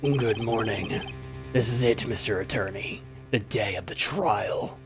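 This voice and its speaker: A man voicing a menacing male kidnapper in a game, speaking slowly and low with mock courtesy. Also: over music. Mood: silkily menacing.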